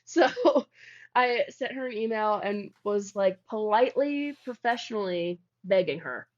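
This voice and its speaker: A woman's voice: mid-range voice, lively intonation, unhurried. Rambling young woman telling her story. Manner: rambling, heavy use of "like". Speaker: guest, founder of a healing practice. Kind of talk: casual storytelling interview. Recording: dull lo-fi audio.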